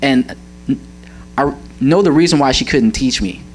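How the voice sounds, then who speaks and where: A man's voice: mid-range voice, unhurried, a little hiss or hum, poor audio. A young man giving an earnest church testimony about his mother, often searching for words and laughing as he talks. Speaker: church member sharing a testimony. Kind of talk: heartfelt personal testimony.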